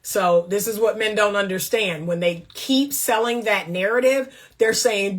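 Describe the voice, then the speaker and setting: A woman's voice: medium pitch, a little slow, few pauses. A woman relationship coach giving blunt, emphatic faith-based commentary in a casual talk.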